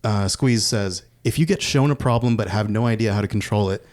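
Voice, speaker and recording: A man's voice: fairly low pitch, brisk, a little mellow. A man co-hosting a podcast, chatting casually about films and acting out their lines in raised voices. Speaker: podcast co-host. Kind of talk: casual film discussion.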